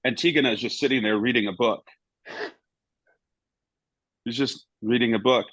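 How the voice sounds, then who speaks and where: A man's voice: mid-range voice, steady tone, normal speed, fairly bright tone, no room sound, rough recording. A middle-aged man, a former goalkeeper and now a podcast guest, who tells anecdotes in a rambling way and keeps adding "you know" and "right?". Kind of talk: casual anecdote telling.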